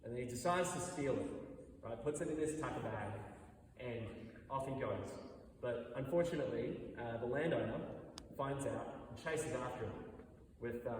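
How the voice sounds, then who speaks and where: A man's voice: medium pitch, slight background noise. A man from Australia casually introducing a piece he plays, chatty and rambling, often correcting himself. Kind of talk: casual spoken introduction on stage. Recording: very echoey hall from far off, faint ambience.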